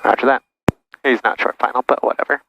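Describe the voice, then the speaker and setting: A man's voice: mid-range voice, steady tone, fast, a bit bright, rough recording. A man who is a pilot, chatting and joking casually in a small plane's cockpit over a headset.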